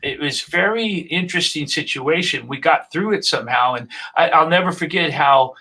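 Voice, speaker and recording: A man's voice: a little high, moderate pace, sharp tone. A man talking as a guest musician in a casual live-stream chat, laid-back and friendly with slang like dude and man.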